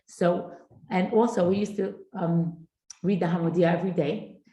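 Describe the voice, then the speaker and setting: A woman's voice: lowish voice, steady tone, normal speed, dark tone, echoey room, poor audio. A middle-aged woman teaching a parenting class in a chatty, informal way, mixing Hebrew and Yiddish terms into her talk.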